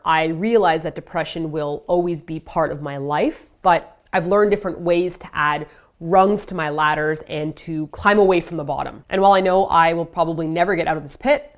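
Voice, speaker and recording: A woman in her thirties talking candidly in a personal vlog, open and self-deprecating with small jokes. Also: lowish voice. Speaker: vlogger.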